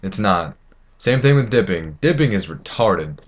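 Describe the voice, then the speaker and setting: A man's voice: sits low, expressive, a little slow. A teenage boy ranting to camera, indignant and rambling, with many fillers and restarts. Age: teens. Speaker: vlogger. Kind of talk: opinion rant to camera.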